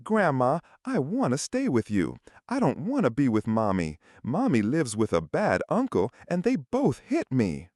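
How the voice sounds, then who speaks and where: A man's voice: medium pitch, wildly swooping pitch, unhurried, darkish tone, dry recording, studio quality. A man voicing a scared six-year-old boy who pleads through tears in a spoken story. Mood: tearful. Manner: pleading, crying.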